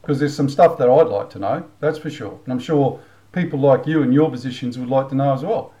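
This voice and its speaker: A man's voice: mid-range voice, fairly quick, dark tone, rough recording. A middle-aged Australian man hosting a commentary channel, ranting bluntly with casual swearing, then leading a prayer. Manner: blunt, heated, swears freely. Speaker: channel host.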